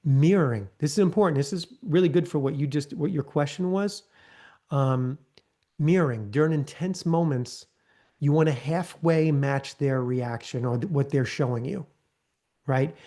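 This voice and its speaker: A man's voice: on the high side, moderate pace, mellow. A man leading a live online training, coaching in a conversational way and often checking in with "okay?" and "right?". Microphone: video call.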